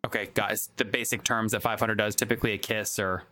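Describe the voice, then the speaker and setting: A man's voice: lowish voice, steady tone, fairly quick, sharp tone. A man hosting an interview, asking direct questions. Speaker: podcast host.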